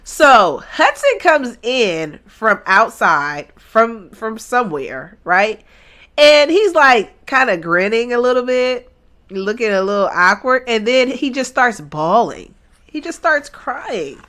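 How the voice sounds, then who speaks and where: Animated woman giving blunt TV commentary. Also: fairly high pitch, slow pace. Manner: animated, emphatic, talks back to the screen; blunt, uses swear words. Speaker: reaction video host. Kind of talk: casual reaction commentary.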